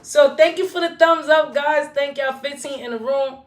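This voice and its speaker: A woman's voice: high-pitched, fairly even intonation, normal speed. A woman in her forties, hosting a casual livestream chat, talking straight to her viewers in a chatty, emphatic way. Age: 40s. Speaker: livestream host.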